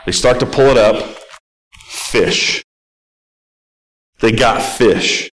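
A man's voice: mid-range voice, very slow, fairly bright tone, rough recording. A man giving a casual, conversational Bible teaching. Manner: conversational and informal.

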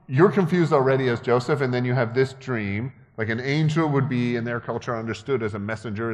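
Guy preaching a sermon, casual and jokey, gets loud and emphatic, big echoey church. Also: medium pitch. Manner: conversational, joking asides, builds to emphatic peaks. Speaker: pastor. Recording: long hall reverb.

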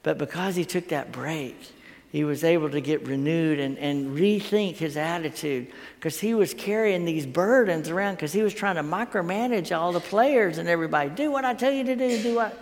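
A man's voice: on the high side, gravelly. A middle-aged man giving a folksy, conversational sermon, telling stories and repeating words as he thinks aloud. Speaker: pastor. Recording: long hall reverb.

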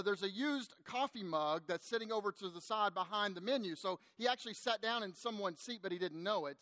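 A man preaching, telling a long story to make his point, animated at times and hushed in the sad parts. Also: sits high, no echo. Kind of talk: sermon storytelling.

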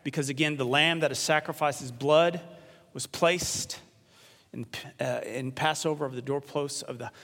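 A male pastor preaching a sermon in a church. He leads the congregation in call and response and drops to a hush on key words. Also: on the high side. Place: church sanctuary. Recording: long reverb of a large church.

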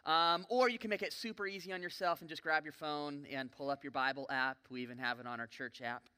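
A man preaching a sermon in a church, telling a story vividly with joking asides and sudden swings between loud and soft. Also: on the high side, fairly even intonation, quick pace, clear, resonant tone. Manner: folksy, joking asides to the congregation. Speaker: pastor. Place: church sanctuary.

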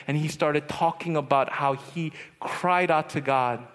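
A man with a fairly high voice preaches a testimony sermon at a youth retreat. His storytelling is dramatic, dropping to a hush and then rising loud. His words ring out with the long reverb of a large hall. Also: unhurried, hardly any pauses. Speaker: retreat speaker.

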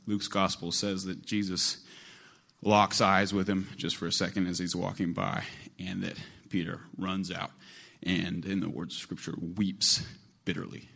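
Low-voiced conversational male preacher. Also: gravelly, a bit bright. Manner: conversational, repetitive, building emphasis. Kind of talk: sermon.

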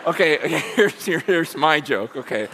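A male pastor preaching a sermon in a church, self-deprecating and animated, often repeating words as he goes. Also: a little high, normal speed, creaky, slight background noise. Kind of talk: sermon with a joke. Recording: long church reverb.

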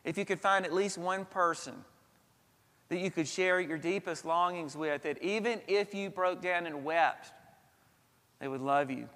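A man preaches from the pulpit in a slightly high voice, earnest and building with dramatic pauses and swells. His words ring out with the long reverb of a church sanctuary. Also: sharp tone. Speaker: pastor. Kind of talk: sermon.

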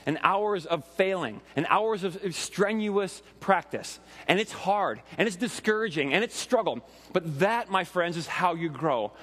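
A man in his forties preaching a sermon with animated, conversational storytelling and frequent asides to the congregation. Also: high voice, long reverb tail. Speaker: pastor.

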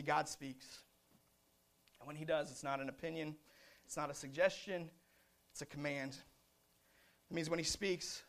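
A male pastor preaching a sermon with rhythmic, repetitive refrains, swinging from loud emphasis to hushed quiet. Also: fairly high pitch.

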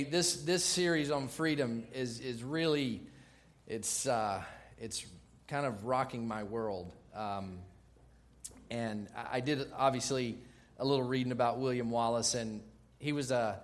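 A man preaching a sermon to his church in an energetic, joking way, loud at times. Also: mid-range voice, measured pace. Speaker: pastor. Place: church in Baltimore.

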